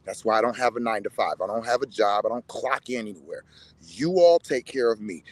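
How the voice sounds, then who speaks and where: Animated, blunt man in a dry room. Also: on the low side, fairly quick, no room sound. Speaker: self-described shaman and medicine man. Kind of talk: social media monologue.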